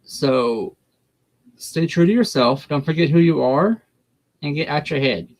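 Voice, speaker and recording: A man's voice: on the high side, expressive, a little slow. A man giving a tarot reading on a livestream in a blunt, folksy way. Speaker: tarot reader.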